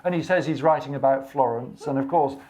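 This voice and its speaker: A man at a live bookshop event, thinking aloud as he talks. He rambles through restarts and fillers, slipping into quoted asides. His pitch sits in an ordinary middle range. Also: brisk, a little mellow. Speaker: guest author. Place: bookshop event before an audience.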